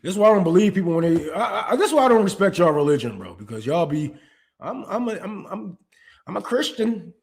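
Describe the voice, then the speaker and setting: A young man delivering a heated, profane rant, full of stumbles and restarts, that swings between loud outbursts and low muttering. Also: big pitch swings, quick pace. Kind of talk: ranting monologue.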